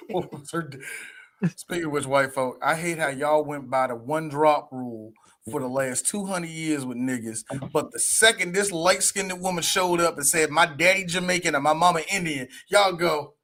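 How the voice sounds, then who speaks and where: Man, high voice, bright tone, animated, profane, casual podcast chat. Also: normal speed. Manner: animated, laughing, profane banter. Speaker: podcast co-host.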